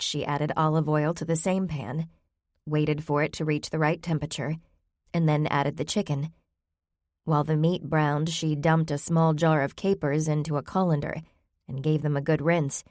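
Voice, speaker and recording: A woman narrating a mystery novel in a calm, even storytelling manner. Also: low voice, dry recording, studio quality. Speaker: audiobook narrator. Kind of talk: scripted narration.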